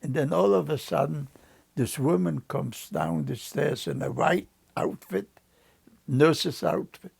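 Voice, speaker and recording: An older man recounting memories in an interview, telling his story in a slow, halting way with frequent restarts. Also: a little high, gravelly, darkish tone, slightly rough.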